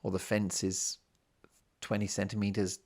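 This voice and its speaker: A man's voice: lowish voice, little pitch movement, measured pace, a little mellow. A middle-aged man, hosting a podcast and talking casually to his listeners, often asking them questions. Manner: chatty, conversational, asks the listener questions. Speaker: podcast host. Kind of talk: casual monologue.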